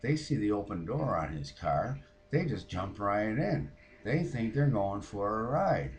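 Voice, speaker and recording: A man's voice: lowish voice, sing-song, unhurried, soft background music. A man playing a foul-mouthed, fed-up woman who rants about her neighbors in a comic monologue. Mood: griping. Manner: profane, ranting, mimics others.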